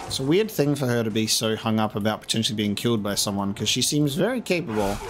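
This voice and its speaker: A man's voice: on the low side, animated, quick pace. A man giving casual gameplay commentary, chatty and self-mocking, swearing and laughing often. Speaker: let's play gamer. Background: faint game music.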